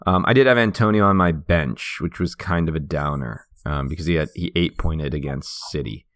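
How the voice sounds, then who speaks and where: A man with a bass voice and fairly bright tone speaks at normal speed in a dry, studio-quality recording. Co-hosting a podcast about fantasy football, he chats casually and thinks aloud with plenty of fillers.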